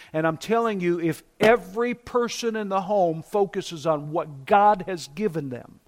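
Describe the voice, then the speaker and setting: A pastor in his fifties with a high voice delivers a sermon. He preaches emphatically and slows down to stress key words.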